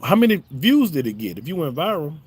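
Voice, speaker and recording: Animated Southern man chatting on a livestream. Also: a little high, brisk, slightly rough. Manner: laid-back, joking, talks back to chat. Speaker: YouTube host reading live chat. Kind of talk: casual livestream chat. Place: home, smoking a cigar on a livestream.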